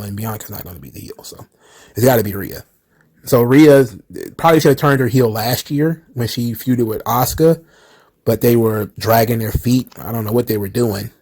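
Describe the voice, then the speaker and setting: A man's voice: medium pitch, darkish tone, breathy edge. Rambling, profane man recapping wrestling. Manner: loose, rambling, profane, laughs often. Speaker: wrestling commentary host. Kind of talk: casual solo commentary.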